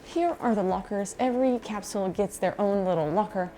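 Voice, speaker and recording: A woman in the middle of her usual pitch range talks chattily straight into a handheld camera, filling gaps with "um" and "you know" as she walks a viewer through a hotel. Her delivery is loose and informal, a casual travel-vlog tour recorded indoors. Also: fairly quick, dark tone, slight background noise. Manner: chatty and informal, with frequent fillers. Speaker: travel vlogger.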